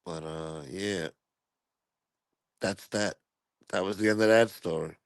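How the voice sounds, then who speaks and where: A man's voice: deep voice, slow, clear, resonant tone, dry recording. Man, casual storyteller, rambling, crude, dry sound. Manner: laid-back, rambling, crude. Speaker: channel host.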